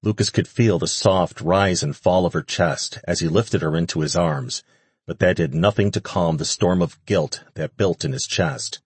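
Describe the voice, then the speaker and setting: A man reading a fantasy audiobook in steady scripted narration. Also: low-pitched, normal speed, husky, no room sound.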